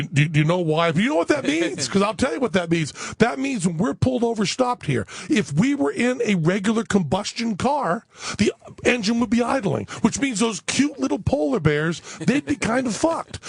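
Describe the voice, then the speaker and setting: A man's voice: very high voice, gravelly, breathy edge, no echo. A man in a radio studio telling a comic story, mock-earnest and chatty, acting out both sides of the dialogue. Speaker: studio guest.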